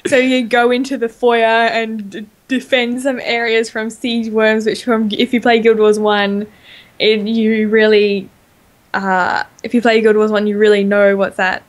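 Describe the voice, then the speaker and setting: A woman with an Australian accent, co-hosting a podcast and chatting excitedly about game lore with plenty of fillers. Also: a little high, unhurried. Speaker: podcast co-host. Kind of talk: casual podcast chat.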